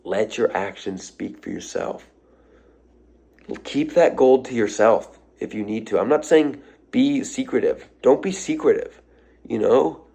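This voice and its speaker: A man's voice: medium pitch, animated, a little slow, gravelly, dark tone, breathy edge. A man giving an off-the-cuff motivational rant to his followers, blunt and profane, hammering phrases over and over. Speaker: social media creator.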